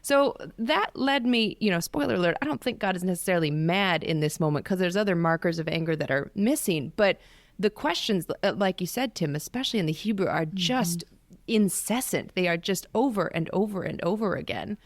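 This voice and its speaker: Animated woman on a dry mic. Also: fairly quick, dry recording. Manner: animated, acts out quoted voices with big pitch jumps. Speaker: biblical scholar on a podcast panel. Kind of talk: casual panel discussion.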